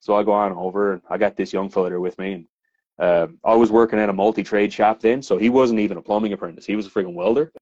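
A man's voice: on the low side, fast, no room sound. A man with a Newfoundland accent, a plumber telling swearing, laughing work stories in casual podcast chat. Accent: Newfoundland English. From Newfoundland, Canada. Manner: animated, laughing storyteller with frequent fillers and swearing. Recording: slightly dull, dry podcast audio.

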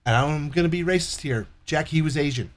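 Guy spinning a cussing story, kinda high voice for a dude, acts out everyone in it. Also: a little fast. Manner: profane, animated retelling with quoted dialogue. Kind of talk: casual storytelling chat.

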